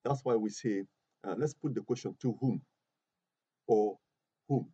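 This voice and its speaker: An English teacher from Côte d'Ivoire teaches grammar to a class in a very dark, slightly husky, fairly low voice. Unhurried and patient, he repeats himself and keeps checking that everyone follows. The recording is dry and muffled, with little room sound.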